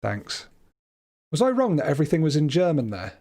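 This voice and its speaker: A man's voice: fairly high pitch, wildly swooping pitch, brisk, dark tone. A British man giving casual, self-deprecating livestream commentary on a game while laughing often. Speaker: streamer.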